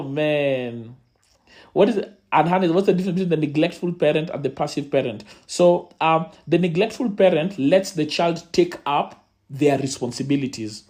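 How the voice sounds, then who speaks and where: A man with a Kenyan accent telling a personal story to a crowd in a dramatic, repetitive, sermon-like way. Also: high-pitched. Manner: animated, dramatic storyteller who repeats phrases for effect. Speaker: youth speaker. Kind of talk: storytelling sermon-style talk.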